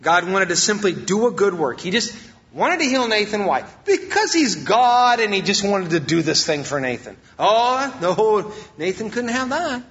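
High-voiced man preaching, dull lo-fi sound. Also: sing-song, moderate pace, a bit bright. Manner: emphatic preaching with repeated phrases. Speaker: pastor. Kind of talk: sermon.

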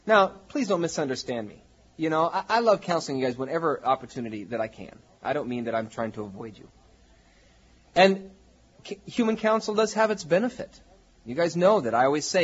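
A man preaching to his congregation in a husky, somewhat high voice. He talks in a conversational way and builds to emphatic peaks. The recording is dull and lo-fi. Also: animated, fairly quick. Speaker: pastor. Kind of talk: sermon.

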